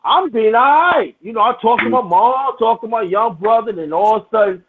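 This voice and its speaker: Here's a middle-aged storyteller whose husky voice sits high, moving at a moderate pace. He's spinning a rowdy, profane tale in relaxed conversation, frequently starting over, captured with a thin, phone-like lo-fi sound.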